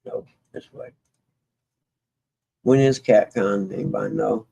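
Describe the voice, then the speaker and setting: A man with a low, heavily gravelly voice talks casually to his stream viewers. He rambles in a folksy way, trailing off and restarting. His tone is dark, mellow and husky. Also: unhurried, low-quality recording. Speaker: livestream host.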